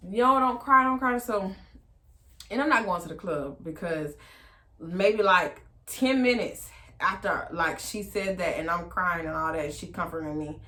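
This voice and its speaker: A woman casually telling a long personal story, animated and slangy, with lots of fillers, acting out the other voices. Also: measured pace. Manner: animated, acts out quoted voices with big pitch jumps. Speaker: storytime vlogger.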